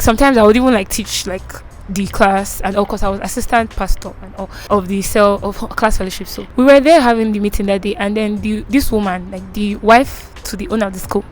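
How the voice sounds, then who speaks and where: A young Nigerian woman with a Nigerian accent tells her channel viewers a dramatic school story in a storytime vlog. Her voice is mid-range, and the recording is rough, with slight background noise.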